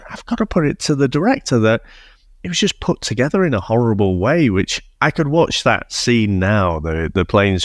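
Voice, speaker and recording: A man with a low voice chats about a film on a review podcast, wry and rambling, stopping and restarting his thoughts. His pitch rises and falls widely as he talks. The sound is dry and close. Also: dry recording. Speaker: podcast co-host. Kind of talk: casual film review chat.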